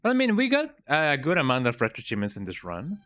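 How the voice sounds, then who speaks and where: A man streaming a video game, giving relaxed, rambling commentary with joking asides. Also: medium pitch, fast talker. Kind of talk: casual gameplay commentary. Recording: game capture with loud music. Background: game music and sounds.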